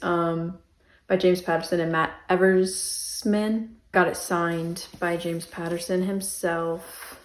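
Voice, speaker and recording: A woman's voice: fairly low pitch, darkish tone. Chatty young woman in an echoey room. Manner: chatty, rambling, self-mocking, lots of "um" and "like". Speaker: book vlogger. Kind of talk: casual chatty vlog. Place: bedroom.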